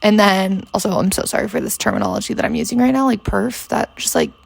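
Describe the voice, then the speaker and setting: A woman's voice: medium pitch, huge pitch swings, quick pace, vocal fry, husky, no room sound. A woman in her twenties, hungover, chatting casually and rambling with lots of fillers and swearing as a podcast host. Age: 20s. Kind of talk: casual chat. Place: her bedroom.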